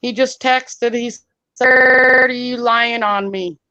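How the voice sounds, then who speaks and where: An upset woman calls into a live stream, swearing and then apologizing. Her voice is bright and a little high, on dry, muffled audio. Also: fairly even intonation, slow pace, dry recording.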